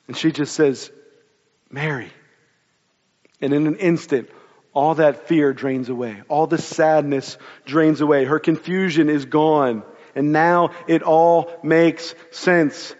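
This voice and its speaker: A man's voice: a little high, in a large hall, lo-fi sound. A man preaching a sermon, retelling a scripture story in a conversational, storytelling way. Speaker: pastor.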